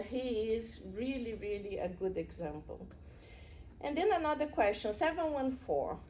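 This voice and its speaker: A woman's voice: on the high side, a little mellow, slight background noise. A middle-aged woman giving a public spiritual lecture in an earnest, conversational way, with personal stories.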